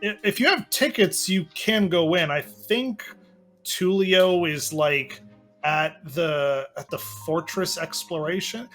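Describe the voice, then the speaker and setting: A man voicing a hesitant male park staffer who gives halting directions, in a tabletop game. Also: high-pitched, fairly bright tone, soft background music. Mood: polite.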